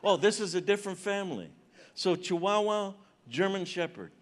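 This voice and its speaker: Man in his seventies, stand-up comic, teasing audience banter, slightly raised pitch, stage microphone. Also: lively intonation, moderate pace, a faint crowd. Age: 70s. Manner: conversational, teasing audience members. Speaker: comedian. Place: large conference hall stage.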